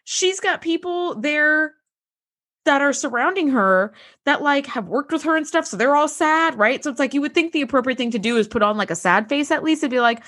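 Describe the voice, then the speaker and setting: Woman, podcast co-host, casual chat, swears, acts out quotes, rather high voice, very lively pitch. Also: fairly quick. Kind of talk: casual chat recapping a TV episode.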